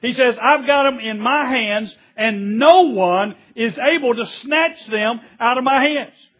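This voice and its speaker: A man preaching a sermon, slow and emphatic, drawing out key words. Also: very high-pitched, lo-fi sound.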